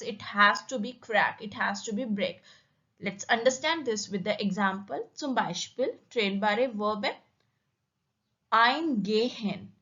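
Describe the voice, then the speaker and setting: A woman's voice: on the high side, fairly bright tone, dull audio. A woman teaching a German grammar lesson, explaining carefully and repeating example words so they can be drilled.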